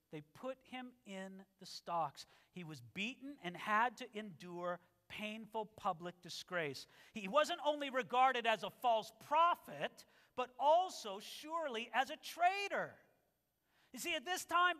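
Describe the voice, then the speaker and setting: Pastor guy preaching, chatty and lively, bright voice, long echo from the church hall. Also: sits high. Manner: animated, conversational. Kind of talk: expository sermon. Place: church sanctuary.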